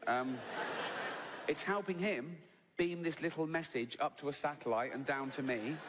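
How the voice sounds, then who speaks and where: Sardonic British comedian mid-set, live in a big reverberant venue with clear crowd ambience. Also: male voice, a little high, normal speed, very noisy. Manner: sardonic, mocking, building to incredulous outbursts. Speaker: stand-up comedian. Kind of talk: live stand-up routine. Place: large live venue with audience. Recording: live hall recording with audience ambience.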